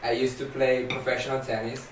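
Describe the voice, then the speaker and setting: A man's voice: medium pitch, monotone, brisk, distant mic, a little hiss or hum. Young Argentine man, Spanish native, rambling podcast guest; roomy sound, set back from mic. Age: young adult. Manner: rambling, many "like" fillers, laughs easily. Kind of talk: casual podcast chat. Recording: echoey room, off-mic, faint ambience.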